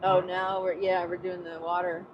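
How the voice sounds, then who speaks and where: A woman's voice: on the low side, level tone, moderate pace, lo-fi sound, background noise. Woman reading chat aloud in a car. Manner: reads out chat messages and replies warmly. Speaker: co-host reading viewer comments. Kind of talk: casual live-stream chat. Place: inside a moving car.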